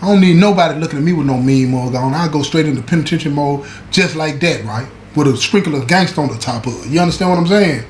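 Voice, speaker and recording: A man casually telling a story from his time inside, talking in an animated, slangy way and often checking in with his listeners. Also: on the high side, quick pace, few pauses. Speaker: show host recounting prison stories. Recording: echoey room with faint background noise.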